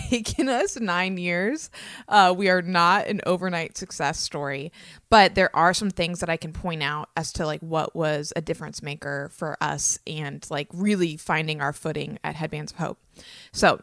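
A woman in her thirties with a slight lisp chats upbeat and loose as a podcast host, her voice pitched a little low. The sound is close and dry, with no room around it. She talks casually and fills gaps with "like". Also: fairly bright tone, no echo. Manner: upbeat and chatty, many "like" fillers. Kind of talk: casual solo podcast talk.

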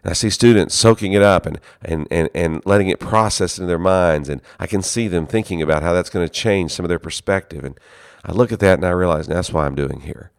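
A very low-voiced man leads a seminary and gives an earnest, conversational talk on ministry. His delivery feels personal and storytelling, and the close, dry recording has little room sound. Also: fast talker, clean tone, no room sound. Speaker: seminary leader.

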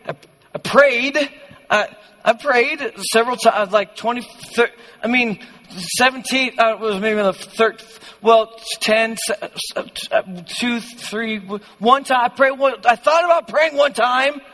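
A man's voice: on the high side, measured pace, long pauses, a bit bright, pitched below the performer's own voice. A man voicing a lukewarm young churchgoer who brags in a folksy drawl and stumbles over his excuses. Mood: flustered. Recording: long hall reverb.

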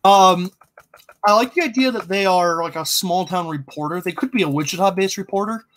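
A man's voice: high-pitched, fairly quick, a bit bright. A man in casual brainstorming chat, thinking aloud with many ums and restarts. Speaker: co-host planning a fiction podcast.

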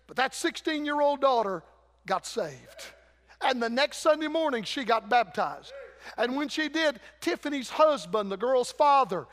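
High-pitched fervent preacher. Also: male voice, fairly bright tone. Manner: fervent, folksy, calls out to the congregation. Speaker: guest preacher. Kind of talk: revival sermon. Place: church sanctuary. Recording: long church hall reverb.

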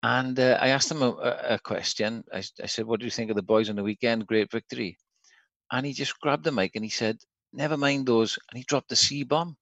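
A Welsh man telling stories in a relaxed, chatty way on a podcast. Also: mid-range voice, brisk, no room sound, lo-fi sound. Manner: chatty anecdotal storyteller. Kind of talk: casual chat, storytelling.

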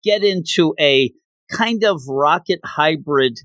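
A man's voice: on the high side, animated, slow, a bit bright, no room sound. Casting note: man recapping a comic, chatty and rambling, dry close mic. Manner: chatty, digressive. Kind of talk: casual retelling of a comic.

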